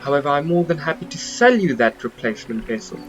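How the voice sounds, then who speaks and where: A man voicing a posh, smooth-talking English male mayor with formal, polished speech. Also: on the high side, sing-song, fast, lo-fi sound, faint music behind. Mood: courteous.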